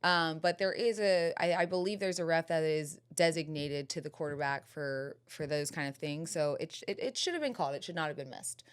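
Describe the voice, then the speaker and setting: A woman in her thirties hosting a podcast, chatting casually with frequent restarts and quick laughs. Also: low voice, smooth. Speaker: podcast host. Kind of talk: casual chat.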